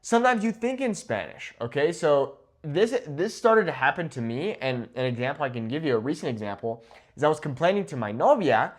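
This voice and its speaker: A man who teaches Spanish, talking to camera in a lively, informal way, often checking in with "okay?" and "right?". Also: a little high, fairly quick.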